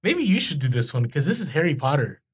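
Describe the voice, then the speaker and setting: Male podcast co-host, fairly high voice, upbeat and animated, casual banter. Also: fast talker, breathy edge. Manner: animated, rising in pitch when excited. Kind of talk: casual chat.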